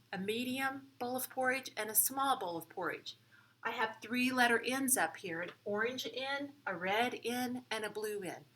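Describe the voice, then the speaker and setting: A woman teaching preschoolers in a classroom, speaking clearly and instructively, one step at a time. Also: medium pitch, bright, forceful tone. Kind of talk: children's lesson.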